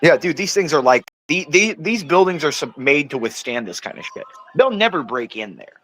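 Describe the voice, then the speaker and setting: A man's voice: on the high side, big pitch swings, normal speed, fairly bright tone, low-quality recording. A man co-hosting a live stream, talking casually and arguing his points emphatically, often saying "dude". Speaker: livestream co-host.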